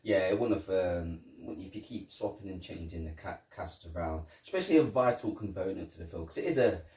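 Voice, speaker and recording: Deep-voiced man, laid-back. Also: lively intonation, a little mellow. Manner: laid-back, agreeing, quick to laugh. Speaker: podcast co-host. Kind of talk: casual film review chat. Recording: roomy echo, distant mic, faint noise.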